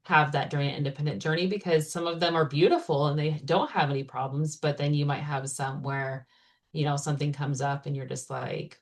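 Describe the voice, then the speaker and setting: A woman with a low voice explains things patiently in a casual interview. She pauses often with ums and "you know" as she works through her points. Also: steady tone. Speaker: surrogacy consultant, guest.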